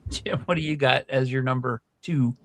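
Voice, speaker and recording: A man's voice: medium pitch, steady tone, normal speed, fairly bright tone. A man hosting a casual movie podcast who agrees readily and moves the others along. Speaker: podcast host.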